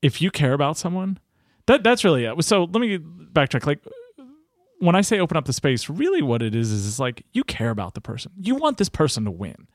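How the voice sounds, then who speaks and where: A man in his thirties, a coach and podcast guest, telling stories in a casual, animated way, swearing freely and acting out what people said. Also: fairly high pitch, brisk, no room sound. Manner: animated, swears freely, acts out quoted dialogue. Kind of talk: casual storytelling interview.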